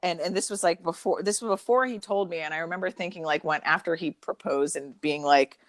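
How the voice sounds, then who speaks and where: Young woman guest, low voice, dry close sound; loose, profane, animated storytelling. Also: fairly quick, no echo. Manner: profane, filler-heavy, animated retelling. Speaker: podcast guest. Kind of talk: casual storytelling chat.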